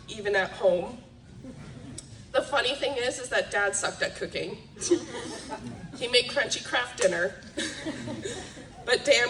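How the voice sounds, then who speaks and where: A woman's voice: a little high, a bit bright, a little hiss or hum. A young woman reading a eulogy for her parents at a memorial, emotional and laughing through tears. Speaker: daughter giving a eulogy. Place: memorial gathering hall. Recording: echoey room, mic from a distance.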